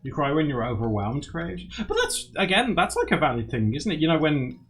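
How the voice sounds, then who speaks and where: A young man chats with his live stream viewers in a rambling, friendly way, his pitch rising and falling a lot. He laughs often and slips into acted-out quotes. Soft music plays quietly under his voice. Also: big pitch swings, brisk. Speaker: livestreamer. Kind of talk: casual chat with live viewers. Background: faint music.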